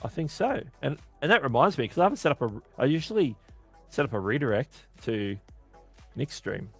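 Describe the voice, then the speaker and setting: A man's voice: medium pitch, lively intonation, brisk, a bit bright, breathy edge, faint music behind. An Australian man hosting a casual live-stream Q&A, chatty and often correcting himself mid-sentence. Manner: chatty, self-correcting, answering chat questions. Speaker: livestream host.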